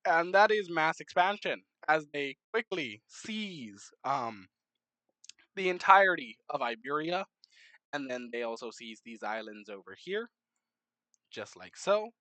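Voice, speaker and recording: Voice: mid-range voice, lively intonation, measured pace, bright, forceful tone, no room sound, low-quality recording. A young adult narrating a map timelapse series in a casual, rambling way, with many fillers, self-corrections and joking asides. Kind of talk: casual game commentary.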